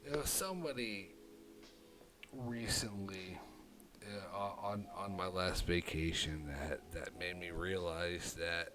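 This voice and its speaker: A man streaming alone, talking through his thoughts in a rambling, halting way, often swearing and putting on a southern drawl. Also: low-pitched. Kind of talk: casual live-stream monologue. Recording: loud music behind the voice.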